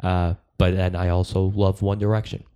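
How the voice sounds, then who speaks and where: A man's voice: sits low, level tone, mellow, clear, resonant tone. A man who does stand-up comedy chats as a podcast guest. He gushes and rambles, often stopping and restarting mid-sentence. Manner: enthusiastic, rambling, halting restarts. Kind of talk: casual podcast chat.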